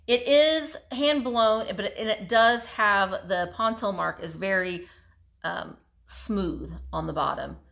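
Slow-talking, gushing woman. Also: mid-range voice, vocal fry, a bit bright. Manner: gushing, enthusiastic, chatty. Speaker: vintage reseller. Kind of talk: casual show-and-tell haul video.

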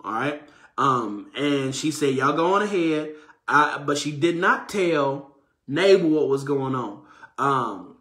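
A man preaching a conversational morning sermon, acting out the quoted speakers in an animated way. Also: takes it slowly, roomy sound. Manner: animated, acts out quoted voices in a higher pitch.

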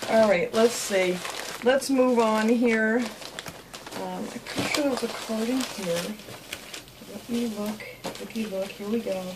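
A woman hosting a craft channel, chatting casually and warmly thanking viewers by name as she opens mail at home. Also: on the high side, measured pace, noisy background. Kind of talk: casual chat, opening mail.

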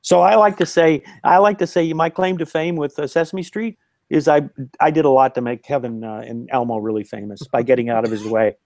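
An older man tells anecdotes with a lively, storytelling manner. His voice sits fairly high for a man. The sound is dry and close, with no room around it. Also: brisk, no room sound. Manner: animated anecdotal storytelling with laughs. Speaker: puppeteer guest. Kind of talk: casual interview storytelling. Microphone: remote call line.

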